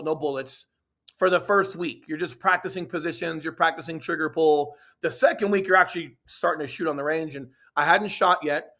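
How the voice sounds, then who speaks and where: A man's voice: on the high side, a bit bright. A man in a casual interview, earnestly telling his story with lots of "you know" and "right?". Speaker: podcast guest, real estate team leader.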